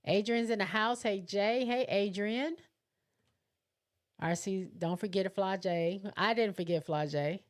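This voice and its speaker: A woman's voice: mid-range voice, unhurried. A woman hosting a casual livestream, chatting loosely and thinking aloud as she reads viewer comments. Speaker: livestream host. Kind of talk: casual chat reading live comments.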